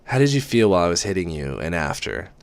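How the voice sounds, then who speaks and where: A man voicing a brooding, controlling young man who speaks quietly and admonishingly. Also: sits low, sing-song, quick pace. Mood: stern.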